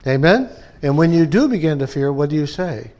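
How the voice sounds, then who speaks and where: Male pastor, fairly high voice, casual sermon, keeps asking the congregation okay and amen. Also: animated, fairly quick, a little mellow. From upstate New York. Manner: checks in often with "okay?" and "amen?". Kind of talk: conversational sermon.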